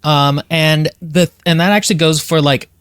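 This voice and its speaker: A man's voice: on the high side, steady tone, moderate pace, fairly bright tone, smooth, no echo, studio quality. A man co-hosting a book review podcast, giving blunt, opinionated critique in casual chat.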